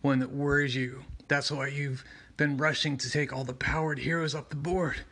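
A man's voice: mid-range voice, flat delivery, moderate pace, sharp tone. A man voicing a grim, analytical male vigilante detective while reading a comic aloud, staying close to his own voice. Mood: defiant.

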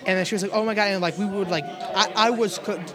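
High-voiced man rambling, crowd behind. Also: fast talker. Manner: rambling storyteller, self-deprecating. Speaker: stand-up comedian guest. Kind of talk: casual chat.

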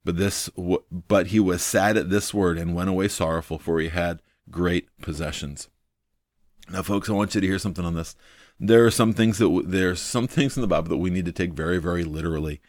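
A man's voice: sits low, fairly quick, darkish tone, no echo, clean studio sound. A man hosting a devotional video, teaching from the Bible in an earnest, thinking-aloud way, full of ums and repeating his main points.

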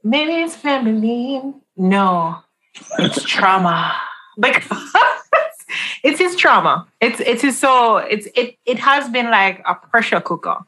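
A woman's voice: a little high, animated, takes it slowly, pushed and bright, slight background noise, rough recording. A woman hosting an interview, asking long, engaged questions. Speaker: podcast host.

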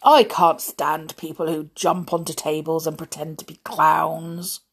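A woman reading aloud, voicing a grumpy, complaining grown man who grumbles in gruff outbursts. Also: lowish voice, slow, full character voice.

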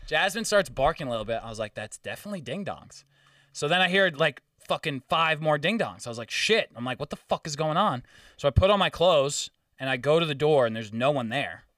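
A man's voice: fairly high pitch, brisk, no echo, clean studio sound, far from the mic. A man telling a story in casual chat, swearing freely and acting out the quotes. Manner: profane, animated storytelling with acted-out quotes.

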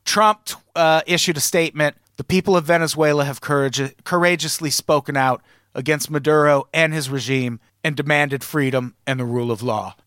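A slightly higher-voiced man co-hosts a comedy news podcast, reading headlines and then tearing into them with sarcastic asides. His voice is recorded dry and close, with no room sound. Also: steady tone, moderate pace, a bit bright, smooth, dry recording. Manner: sarcastic, reads news items then riffs. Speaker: podcast co-host.

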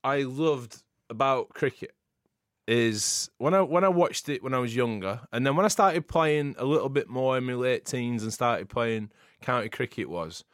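A man co-hosting a podcast, telling animated stories with frequent laughter in casual chat. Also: medium pitch, normal speed, no echo, clean studio sound. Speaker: podcast co-host.

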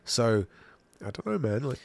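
A man's voice: mid-range voice, big pitch swings, measured pace, gravelly, dry recording. A British man co-hosting a podcast, chatting casually and reading out viewer comments with easy laughs and loose swearing. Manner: easygoing, laughs and swears freely. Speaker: podcast co-host.

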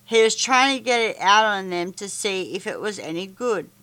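A woman reading a children's story aloud, halting with stumbles and restarts. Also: medium pitch, animated, sharp tone.

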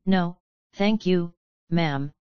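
A woman's voice: fairly low pitch, measured pace, clear, resonant tone, dry recording, lightly acted. A woman voicing a polite, awkward young male wizard officer, stiffly courteous and anxious. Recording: slightly dull, dry studio sound.

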